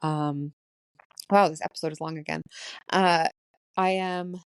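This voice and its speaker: A woman's voice: sits low, fairly even intonation, a little slow, clear, resonant tone, no room sound. A woman in her late thirties hosting a solo spiritual podcast, emotional and laughing often, her voice shaking as she holds back tears. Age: late 30s. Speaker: podcast host.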